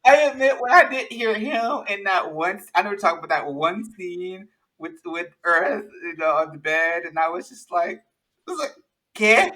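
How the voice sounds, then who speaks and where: A man talking in a casual, animated chat, rambling with many restarts. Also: high voice, normal speed, hardly any pauses, poor audio.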